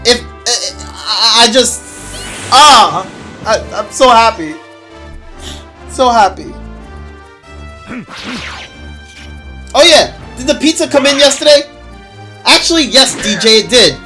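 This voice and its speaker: Bright, gushing young-sounding man streamer. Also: very high voice, takes it slowly, pauses often. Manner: gushing, excitable, laughs often. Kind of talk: casual gameplay stream chat. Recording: faint game music behind.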